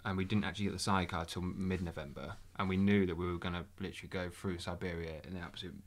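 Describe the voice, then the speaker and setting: A man's voice: sits low, rapid-fire. A young man telling travel stories as a podcast guest. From Britain. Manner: animated anecdote-telling. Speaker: podcast guest, round-the-world scooter traveller. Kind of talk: casual interview storytelling.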